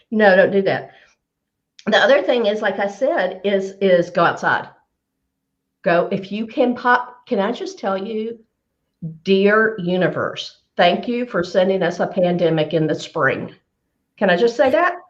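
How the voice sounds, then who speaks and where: A woman career coach giving advice on a live show, emphatic and animated, repeating her key phrases for effect. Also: mid-range voice, muffled recording.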